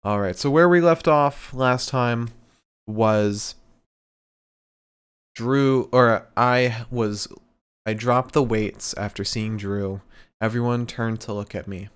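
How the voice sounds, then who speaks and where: A man's voice: medium pitch, slow, clear, resonant tone. A man co-hosting a podcast, playful and self-mocking as he reads comic fan fiction aloud. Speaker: podcast co-host.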